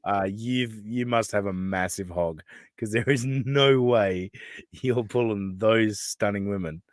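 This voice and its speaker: A man's voice: fairly low pitch, slow pace, no echo. A man, co-hosting a podcast in casual chat, rambling and laughing often. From Australia. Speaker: podcast co-host. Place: live podcast studio.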